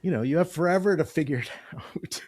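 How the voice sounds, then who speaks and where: A man's voice: a little high, a little fast, darkish tone, husky, no echo, studio quality. A man hosting an interview podcast, asking questions in an easygoing way and laughing readily. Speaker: podcast host. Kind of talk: conversational interview.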